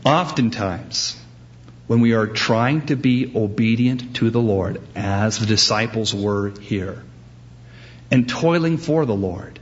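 A man preaching a sermon as pastor, animated and acting out the voices he quotes. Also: mid-range voice, dull audio.

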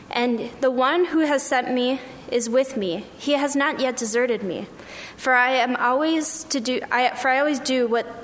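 Brief: woman, fairly high voice, steady scripture reading, long hall reverb, faint hiss. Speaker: scripture reader.

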